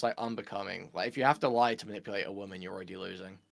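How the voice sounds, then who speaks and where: A man calls into a livestream and talks quickly, tripping over himself with frequent restarts. His voice sits fairly low with a gravelly fry, and he rushes his words along. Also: steady tone, fairly bright tone. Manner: rapid, halting, with repeated restarts. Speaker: caller. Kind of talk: casual livestream chat.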